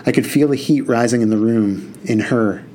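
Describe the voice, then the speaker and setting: A man's voice: mid-range voice, moderate pace, dark tone, a little hiss or hum. Man narrating a novel, earnest. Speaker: audiobook narrator. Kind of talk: first-person novel narration.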